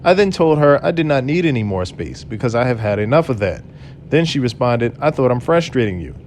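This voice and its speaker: A man's voice: mid-range voice, expressive, brisk, a little mellow, slight background noise. A man earnestly retelling a personal story, reading out his own messages. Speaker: channel host telling his own story. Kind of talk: personal storytelling read aloud.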